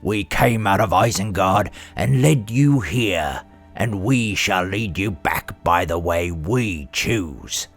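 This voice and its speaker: A man's voice: sits low, animated, slow pace, soft background music, pitched below the performer's own voice, full character voice. A man voicing a boastful, brutish male orc warrior captain with a growling, domineering delivery.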